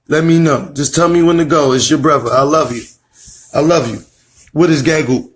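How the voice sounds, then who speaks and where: A man giving a fiery, profane online lecture, preachy and emphatic, repeating lines and firing off rhetorical questions. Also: high-pitched. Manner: swears a lot, calls out rhetorical questions. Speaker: self-styled teacher presenting his theory.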